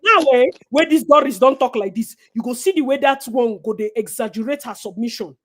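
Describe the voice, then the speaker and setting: A Nigerian woman co-hosting a casual gossip chat, animated and preachy, slipping into Pidgin. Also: a little high, fairly quick. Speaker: co-host.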